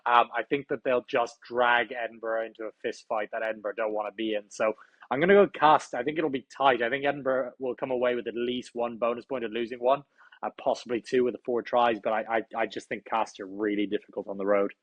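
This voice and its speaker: A man's voice: medium pitch, steady tone, fast talker, a bit bright, no room sound, muffled recording. Irish man giving rugby predictions. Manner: opinionated, hedging with "I think". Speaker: podcast co-host. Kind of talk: casual sports chat.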